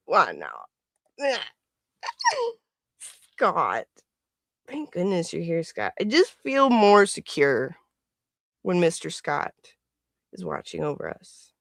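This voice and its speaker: A woman's voice: on the low side, creaky, no echo, studio quality. A woman hosting a casual livestream, chatting and laughing often as she greets viewers by name. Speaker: livestream host.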